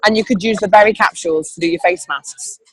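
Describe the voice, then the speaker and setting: A woman's voice: mid-range voice, quick pace, slightly rough, no room sound, soft background music, low-quality recording. A woman leading an online team training call, upbeat and encouraging, rambling with fillers. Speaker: team leader.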